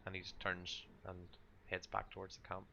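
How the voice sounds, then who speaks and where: Brief: deep steady male game master, tense tone, stop-start narration. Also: vocal fry, lo-fi sound, slight background noise. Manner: halting, with many fillers and restarts.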